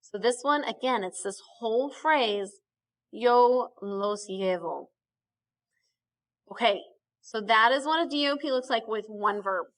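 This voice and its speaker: A woman's voice: on the high side, lively intonation, measured pace, a bit bright. A woman teaching a Spanish grammar lesson in a recorded video, explaining patiently step by step and checking in with frequent okays.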